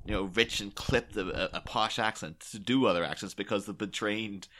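A man talking films in a loose podcast chat. His voice is bright and forceful, and he gets animated easily. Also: fairly low pitch, brisk. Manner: animated, slips into silly impressions. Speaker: podcast co-host. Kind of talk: casual chat.

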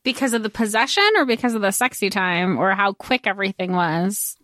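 A woman's voice: mid-range voice, a little fast, fairly bright tone, no echo, clean studio sound. A woman co-hosting a casual book-discussion podcast, chatty and full of questions about the story. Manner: chatty, questioning, laughs between points. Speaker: podcast co-host.

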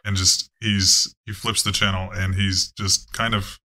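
A man running a tabletop game as game master, talking casually and halting often, with some swearing. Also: deep voice, flat delivery, pushed and bright.

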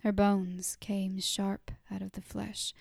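A woman reads a story as a whispered role-play, keeping her voice a soft, breathy hush. She takes her time over every phrase, her tone dark and mellow. The sound is close and dry. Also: medium pitch, flat delivery, no echo. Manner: soft unvoiced whisper, slow and hushed. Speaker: narrator.

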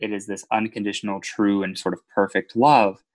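A man's voice: on the low side, steady tone, fairly quick. A man co-hosting a casual faith podcast, earnestly explaining ideas in a teaching tone. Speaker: podcast co-host.

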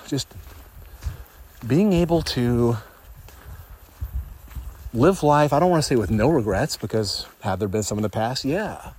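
A young man, a life coach, recording a reflective vlog outdoors on a hiking trail, thinking aloud with pauses and restarts. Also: mid-range voice, a little mellow, husky.

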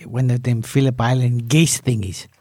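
A man's voice: medium pitch, fairly even intonation, moderate pace, a little mellow, breathy edge, dry recording, clean studio sound. A man co-hosting a comedy podcast, chipping in with playful asides. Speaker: podcast co-host. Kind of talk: casual comedic podcast chat.

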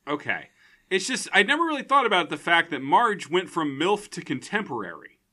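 A man hosting a comedy podcast, talking quickly and playfully in casual chat. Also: sing-song, sharp tone. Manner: quick, playful, big swings in pitch. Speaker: podcast host.

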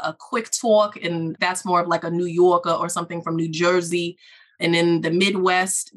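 Measured woman explaining accents. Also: fairly low pitch, a bit bright. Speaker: guest speech-language pathologist. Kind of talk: podcast interview.

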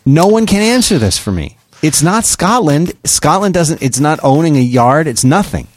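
A man's voice: fairly high pitch, sing-song, moderate pace, dry recording. Chatty man reading a podcast ad. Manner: chatty, rambling, self-interrupting. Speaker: podcast co-host. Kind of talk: casual chat with ad read.

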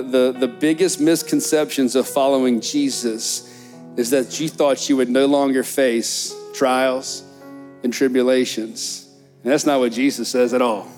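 A middle-aged man, preaching a sermon as pastor in a church, telling stories with lively animation. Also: medium pitch. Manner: animated storytelling, acts out disciples' excited chatter. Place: church sanctuary.

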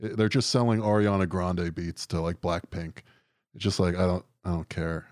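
Deep-voiced man, sardonic rambling chat. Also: level tone, normal speed, darkish tone, dry recording, clean studio sound. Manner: rambling, sardonic, profane, lots of fillers. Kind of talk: casual chat.

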